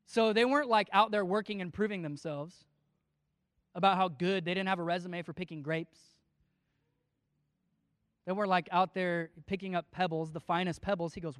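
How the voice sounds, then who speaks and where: Guy preaching, high-pitched, loose and chatty, does the voices in the story. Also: fairly even intonation, moderate pace, pauses often, fairly bright tone, clear, resonant tone, no echo, clean studio sound, long reverb tail. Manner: casual, acts out the story's voices. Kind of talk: sermon.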